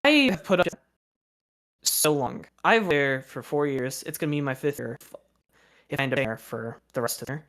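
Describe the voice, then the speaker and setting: A man's voice: medium pitch, moderate pace, a bit bright. A young man streaming, telling a story in a casual rant, exasperated and aggrieved, swearing freely.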